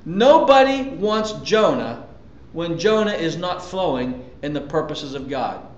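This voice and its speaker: A man delivers a sermon in a fairly high voice, pushing his points with repeated words and questions thrown at the room. The sound is roomy and dull, like a lo-fi church recording. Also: sing-song, a little slow, a little hiss or hum. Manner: emphatic, conversational preaching with repetitions and rhetorical questions. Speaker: pastor.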